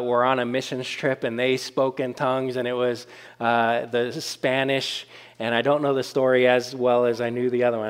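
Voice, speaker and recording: A man's voice: mid-range voice, clean tone. A man preaching a sermon as pastor, in a conversational style with frequent fillers and check-ins with the congregation.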